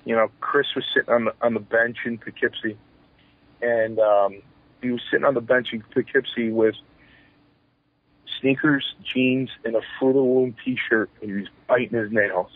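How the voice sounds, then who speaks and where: Interview guest, man in his forties, husky, animated storyteller who acts out quotes; phone-line quality. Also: mid-range voice, normal speed, no echo. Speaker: former pro wrestler, guest. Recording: tinny phone-line sound.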